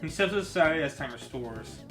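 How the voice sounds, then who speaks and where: Guy narrating a fan story drama, somewhat high voice, loud music underneath. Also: expressive, moderate pace, rough recording.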